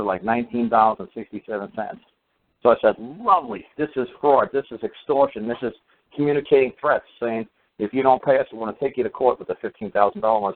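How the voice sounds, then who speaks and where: Guy rambling through a story on a call, lowish voice, sounds like a tinny phone line. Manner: rambling, many fillers and restarts. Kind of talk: casual storytelling.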